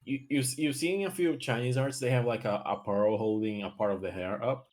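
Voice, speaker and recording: A man's voice: mid-range voice, fairly quick, darkish tone. A man chatting casually on a stream, hesitant, with many restarts and some swearing. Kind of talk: casual chat.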